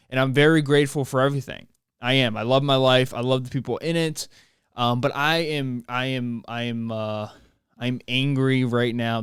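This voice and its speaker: A man's voice: medium pitch, clean tone, dry recording, studio quality. A young man hosting his own podcast, ranting alone in a joking, self-mocking way with many restarts. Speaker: podcast host. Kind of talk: solo rambling rant.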